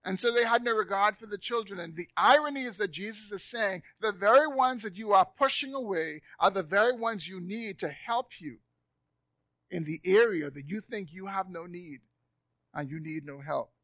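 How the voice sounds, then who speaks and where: Man preaching, high voice, dry sound, loud then soft, repeats words for emphasis, church sermon. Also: normal speed, dry recording. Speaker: pastor. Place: church sanctuary, live congregation.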